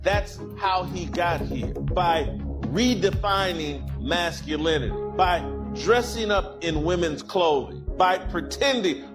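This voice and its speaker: A man's voice: high voice, animated, takes it slowly, music in the background. A man giving opinion commentary in an outraged, preachy way.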